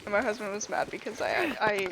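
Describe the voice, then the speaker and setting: A woman's voice: mid-range voice, brisk, noisy background. A woman streaming a game, chatting casually in rambling anecdotes, laughing often and filling her talk with "like". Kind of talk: casual chat while gaming.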